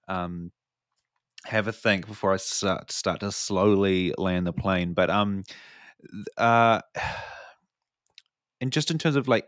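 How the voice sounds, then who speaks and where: Very deep-voiced male host, dry sound. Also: no echo. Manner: relaxed, rambling, laughs easily. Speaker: podcast host. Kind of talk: casual podcast chat.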